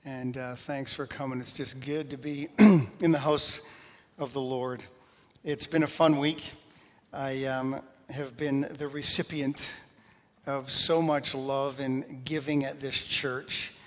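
A man preaching as pastor, telling funny stories in an animated, joking way. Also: mid-range voice, takes it slowly. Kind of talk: sermon with humorous stories. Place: church sanctuary. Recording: long reverb of a church hall.

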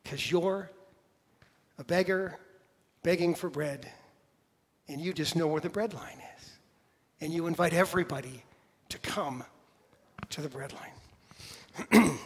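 A man's voice: fairly high pitch, husky. Man preaching in a reverberant hall. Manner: conversational preaching with rhetorical questions and slow emphatic pauses. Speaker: pastor. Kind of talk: sermon.

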